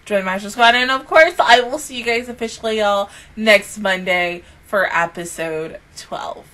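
A young woman hosting an anime reaction video, speaking, excitable and swearing freely, swinging between loud outbursts and hushed whispers. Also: medium pitch, normal speed, poor audio. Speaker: anime reaction channel host.

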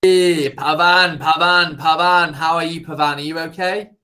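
A man's voice: a little high, fairly even intonation, unhurried, sharp tone. A man chatting as a conversation tutor over a video call, easygoing and reassuring. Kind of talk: casual chat.

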